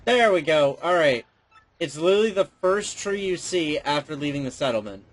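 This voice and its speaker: A man's voice: a little high, expressive, normal speed. A man hosting a let's play, giving casual, chatty and self-deprecating gameplay commentary.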